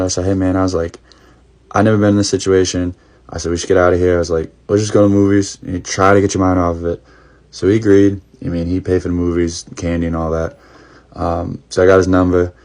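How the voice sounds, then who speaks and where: A man's voice: sits low, creaky, darkish tone. A man in his twenties with a Boston accent, chatting through a story and acting out the people in it. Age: 20s. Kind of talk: casual storytelling.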